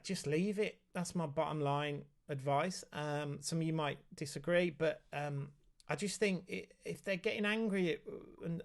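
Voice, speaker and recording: Chatty man, slightly high voice. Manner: chatty, reads out viewer comments, talks aside to his child. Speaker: autism specialist hosting a parent Q&A. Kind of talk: casual live-stream Q&A.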